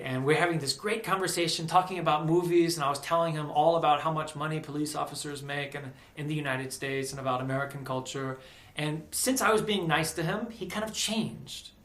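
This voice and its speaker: A man telling a personal story in a casual, animated vlog, peppered with "like". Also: a little high, brisk, roomy sound. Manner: animated, chatty, lots of "like".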